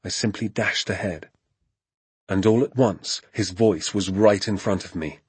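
A man narrating a storybook in a hushed, suspenseful manner. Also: lowish voice, measured pace, slightly rough, no room sound.

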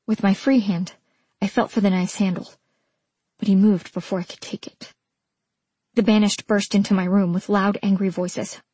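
A woman narrating a first-person audiobook in a measured, intimate way. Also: mid-range voice, steady tone, dark tone, husky, no echo.

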